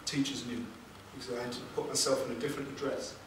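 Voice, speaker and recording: A man, a motivational speaker telling an emotional personal story at a seminar, with dramatic pauses and questions to the audience. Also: mid-range voice, flat delivery. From England. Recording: echoey room, distant mic, background noise.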